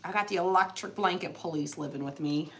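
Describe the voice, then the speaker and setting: A woman's voice: lowish voice, a little fast, a little hiss or hum. A middle-aged woman chatting animatedly while crafting, telling stories to her viewers. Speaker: craft channel host. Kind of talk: casual chat while crafting.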